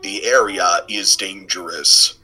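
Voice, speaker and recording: A man's voice: sits low, steady tone, slow, pushed and bright, breathy edge, heavily acted. A man voicing a formal male spellcaster who gives stilted, repeated warnings. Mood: stern.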